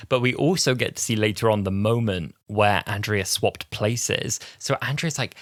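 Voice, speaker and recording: At a moderate pace with few pauses, a podcast co-host in his twenties chats animatedly and casually, mimicking lines from the episode in high, affected voices. The audio is studio quality with no echo.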